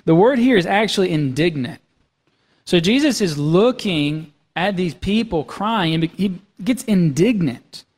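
A man's voice: high voice, animated, a little slow, darkish tone. A man preaching a sermon as pastor, talking with the congregation in a conversational way and checking in with "right?" and "okay?". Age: young adult to middle-aged, has young kids. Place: church sanctuary. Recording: long reverb of a church hall.

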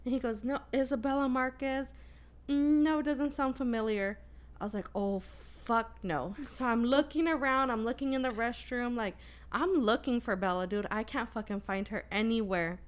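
A woman in her thirties telling a story in casual chat, animated and full of swearing, quoting the people in it. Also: fairly high pitch, moderate pace.

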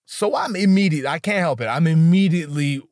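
Animated profane man telling a story. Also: a little high, brisk, no echo, clean studio sound. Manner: animated, profane, acts out quotes in shifting voices. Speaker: stand-up comedian. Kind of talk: stand-up storytelling.

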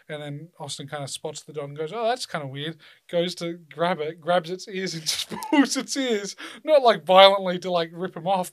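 A man's voice: high voice, fairly bright tone. A young man chatting casually, telling loose stories full of swearing and laughter. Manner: loose, swearing storyteller who laughs often. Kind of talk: casual chat.

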